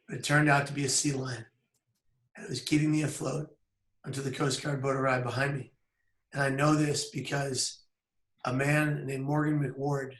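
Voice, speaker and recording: Earnest man telling his story, flat delivery. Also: medium pitch, echoey room. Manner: earnest, measured storytelling with pauses. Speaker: public speaker. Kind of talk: personal story told on camera. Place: outdoors by a bridge.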